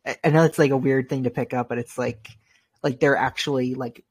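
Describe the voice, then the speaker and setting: A man's voice: medium pitch, fairly even intonation, fairly quick, a little mellow, husky, no echo. A man on a podcast chatting casually and tentatively about a film. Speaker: podcast host.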